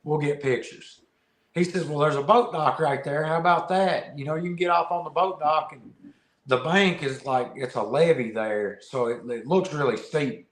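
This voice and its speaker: Animated male storyteller in a roomy room. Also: fairly high pitch, normal speed. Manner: animated storyteller, laughs often, repeats words. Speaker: podcast guest, fishing video creator. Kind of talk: casual storytelling interview. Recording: roomy echo.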